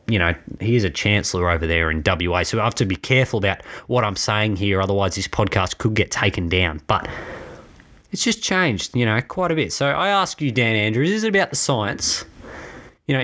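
A man's voice: medium pitch, fairly bright tone. A man with an Australian accent hosting his own podcast, passionate and blunt, sometimes a little out of breath as he rants. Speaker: podcast host. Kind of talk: opinionated political podcast rant. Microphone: own home podcast mic.

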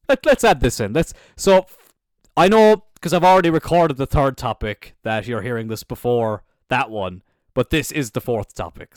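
An Irish man, a young adult, hosting a casual solo podcast in an animated, jokey way with plenty of swearing. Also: mid-range voice, no room sound, clean studio sound. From Ireland. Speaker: podcast host.

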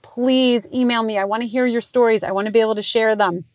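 A woman's voice: fairly even intonation, quick pace, dry recording. A woman in her thirties hosting a podcast, telling parenting stories in a frank, profane way and laughing at herself as she goes. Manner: swings into high squealing voices when quoting herself. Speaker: podcast host. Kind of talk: casual comedic monologue.

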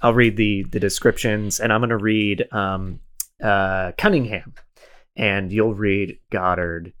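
A man's voice: fairly low pitch, fairly even intonation, measured pace, a bit bright, clean tone. Casual, rambling male podcast host. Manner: rambling, self-deprecating, laughs often. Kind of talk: casual chat.

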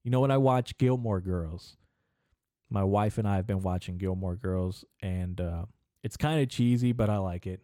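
Low-voiced, rambling, profane young man. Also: moderate pace, dark tone, dry recording, clean studio sound. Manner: profane, meandering, talks to himself. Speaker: podcast host. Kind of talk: rambling solo podcast monologue.

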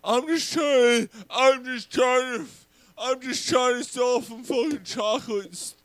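A man's voice: very high voice, measured pace, pitched above the performer's own voice. A man voicing a chubby boy selling chocolates door to door, whining and pleading over and over. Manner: pleading, whiny, repetitive.

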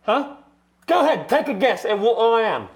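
A menacing male Yeti with a London accent, as a man puts him on for a comedy podcast. He talks in a high voice that leaps up and down wildly, swearing and calling everyone mate. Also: very animated, normal speed. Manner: threatening, swearing, calls people mate. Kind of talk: improvised comedy podcast bit.

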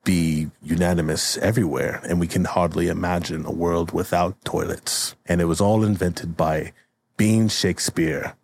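A man doing a hushed, solemn documentary narrator. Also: deep voice, fairly even intonation, moderate pace, gravelly, pitched below the performer's own voice.

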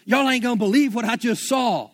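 A man voicing an excited male herdsman rushing to spread wild news, talking in a breathless, storytelling rush. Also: extremely high pitch, pitched above the performer's own voice.

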